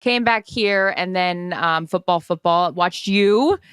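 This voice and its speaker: This is a woman co-hosting a podcast in easy, casual conversation. Her voice is smooth and resonant, her tone enthusiastic and chatty, and the recording is dry and close to the mic. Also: fairly low pitch, no room sound. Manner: warmly enthusiastic, chatty, quick to laugh along. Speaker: podcast co-host. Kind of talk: casual chat.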